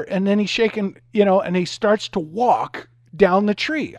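A middle-aged male radio host tells stories in a lively, sing-song voice that sits a little high for a man. The studio sound is dry, with faint music underneath. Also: moderate pace, hardly any pauses, no echo. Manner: animated, acts out voices in anecdotes. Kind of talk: talk radio monologue with storytelling.

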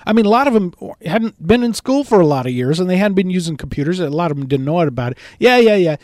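A middle-aged man preaches in a bright, high voice that swoops up and down. He tells his story with animated energy and booms out the quoted lines. The sound is close and dry. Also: fast talker, no echo. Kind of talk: storytelling sermon.

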